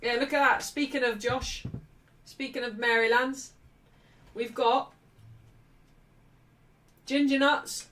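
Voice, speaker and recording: A woman hosting a live football watchalong, chatting cheekily and shouting out at refereeing calls. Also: high-pitched, steady tone, slow pace, long pauses, distant mic. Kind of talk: live match watchalong commentary.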